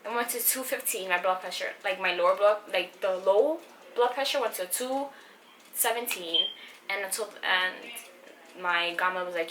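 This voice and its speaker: Young woman vlogger, rambling and emotional, fillers and restarts, bright tone, roomy echo. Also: on the low side, fairly even intonation, moderate pace. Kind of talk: personal story vlog. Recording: echoey room with faint background noise.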